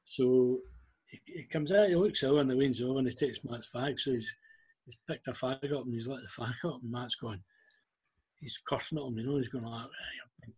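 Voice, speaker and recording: Older Scottish man telling anecdotes, husky. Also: medium pitch, fairly quick, darkish tone. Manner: anecdotal, acts out quoted dialogue. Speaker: guest, former club liaison officer. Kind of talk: casual storytelling interview.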